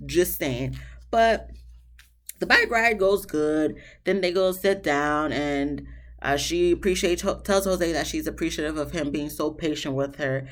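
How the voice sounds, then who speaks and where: A woman hosting a casual reality TV recap, chatty and opinionated. She addresses the couples directly and jumps to a high, emphatic pitch when she does. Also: a little slow. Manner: talks straight to the people on the show, laughing at her own asides. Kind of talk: casual episode recap commentary.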